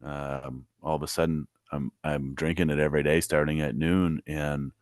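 A man's voice: very deep voice, normal speed, dry recording. A man co-hosting a podcast, chatting casually and telling stories with a dry, joking manner. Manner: dry, joking, relaxed storyteller. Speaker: podcast co-host. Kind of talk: casual chat. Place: podcast studio.

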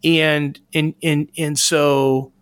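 A man's voice: on the high side, level tone, extremely slow, clear, resonant tone, no echo, studio quality. A man co-hosting a casual podcast discussion, speaking earnestly and hunting for the right words with many restarts. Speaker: podcast co-host.

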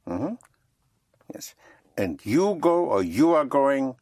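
A French teacher giving a slow, patient one-on-one lesson and spelling words out letter by letter. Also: medium pitch, very animated, darkish tone, no room sound, clean studio sound.

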